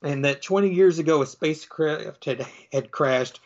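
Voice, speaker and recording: A man chatting casually as he recaps a comic book, rambling with lots of fillers and slipping into quick character voices. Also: a little high, muffled recording. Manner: rambling, filler-heavy, acts out quoted lines in different voices.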